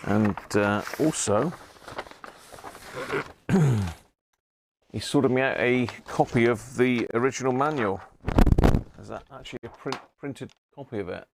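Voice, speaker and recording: A man's voice: medium pitch, unhurried, creaky, pauses often, noisy background. A middle-aged British man hosting a live stream, chatting casually and greeting viewers by name between frequent chuckles. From Britain. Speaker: live-stream host, radio restorer.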